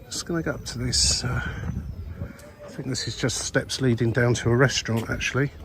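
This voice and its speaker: An older man with a husky voice from a cold, walking outdoors and commenting wryly on the sights, with many uhs. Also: medium pitch, fairly even intonation, brisk, background noise. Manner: rambling, wry, many ums and uhs. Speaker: vlogger. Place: outdoors in an old town street.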